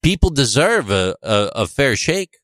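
A man's voice: medium pitch, sing-song, a little slow, fairly bright tone, no room sound. A man co-hosting a casual conversation podcast, joking and firing off rhetorical questions. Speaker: podcast co-host.

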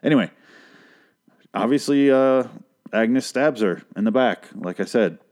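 A man's voice: mid-range voice, measured pace, a little mellow. A man hosting a podcast, recapping a TV episode in a rambling, sarcastic way with a lot of swearing, talking into a handheld microphone.

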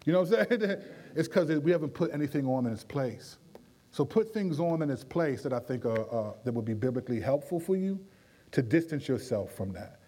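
A man, a pastor, teaching in a conversational Q&A with lively energy and frequent restarts. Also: fairly high pitch, fairly quick, breathy edge. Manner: animated, with frequent restarts and playful voices.

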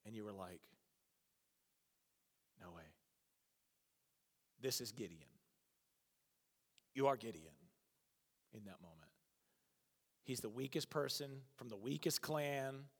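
A man preaching a sermon as pastor, joking and acting out quick voices for the people in his story. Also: medium pitch. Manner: animated, jokey, acts out voices. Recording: long hall reverb.

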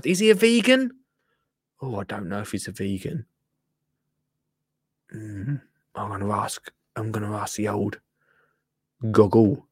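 A man's voice: fairly low pitch, slightly rough, no echo. Guy hosting a live stream, chatty, mutters to himself, dry sound. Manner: chatty, laughs often, mutters and trails off while using the computer. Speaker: livestream host. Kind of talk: casual live-stream chat.

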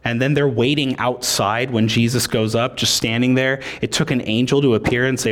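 A man's voice: medium pitch, steady tone, moderate pace, a bit bright. Joking conversational male preacher. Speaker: pastor. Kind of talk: sermon.

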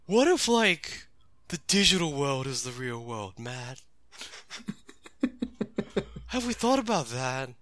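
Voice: medium pitch, sing-song, slow, pauses often, a bit bright, a little hiss or hum, pitched below the performer's own voice. A podcast co-host putting on the voice of a laid-back stoner monster, drawling and musing. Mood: dazed.

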